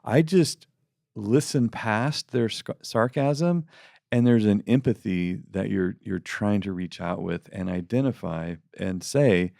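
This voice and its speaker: A man's voice: lowish voice, slow, vocal fry, warm tone, no room sound, studio quality. A man co-hosting an advice podcast, talking through a listener's question in casual chat and acting out empathetic replies. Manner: empathetic, acts out what he would say.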